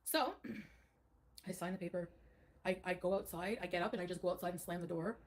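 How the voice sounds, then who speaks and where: Fast-talking woman rambling through a story. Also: on the low side, slight background noise. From Canada. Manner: rambling, emotional, heavy with "like". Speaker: livestreamer.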